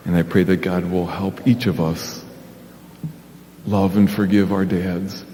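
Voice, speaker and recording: A pastor speaks gently and slowly to children, his mellow voice swooping up high in a sing-song way. The room is reverberant, like a church sanctuary, with a faint hiss. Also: level tone. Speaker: pastor giving a children's message. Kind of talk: children's sermon with puppet dialogue.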